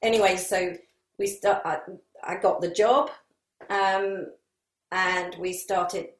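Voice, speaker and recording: A woman's voice: on the low side, steady tone, slow. Interview guest, woman from the south of england, meandering anecdotes, echoey room. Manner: rambling, many ums and asides. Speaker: actress guest.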